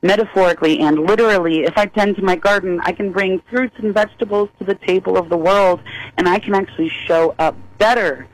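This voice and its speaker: A woman in her sixties, a singer-songwriter guest, telling a story in a folksy, lively way and laughing often. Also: medium pitch, fairly quick, no room sound, rough recording. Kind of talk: animated storytelling.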